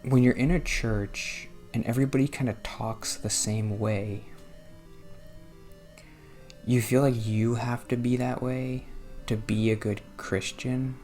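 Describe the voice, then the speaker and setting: A man's voice: medium pitch, fairly even intonation, slow pace, darkish tone. Guy from new jersey rambling over his game, self-deprecating, groans and laughs at it, faint game music behind. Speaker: gaming vlogger. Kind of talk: casual commentary while playing a video game.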